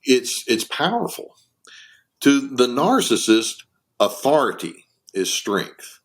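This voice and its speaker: An older man, a psychologist guest on a podcast, explaining calmly and acting out sample lines of dialogue. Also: mid-range voice. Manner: measured, explains with acted-out example dialogue. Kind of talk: conversational podcast interview.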